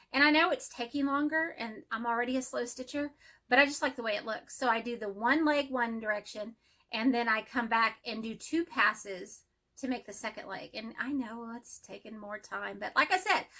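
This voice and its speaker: A woman chatting excitedly about her cross-stitch projects in a casual home vlog, speeding up when enthusiastic. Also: fairly high pitch. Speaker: cross-stitch vlogger and teacher. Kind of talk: casual show-and-tell vlog.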